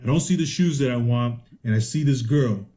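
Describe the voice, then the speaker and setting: Swearing animated man telling a story. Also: medium pitch, fairly quick. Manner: animated, swears constantly, acts out exchanges. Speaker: podcast co-host. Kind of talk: casual profane storytelling.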